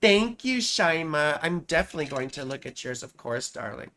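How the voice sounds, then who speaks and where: A woman's voice: low voice, sing-song, moderate pace, a bit bright. A woman astrologer hosting a casual live stream. She talks in a chatty, self-amused way, often repeating her phrases and tossing in "right?".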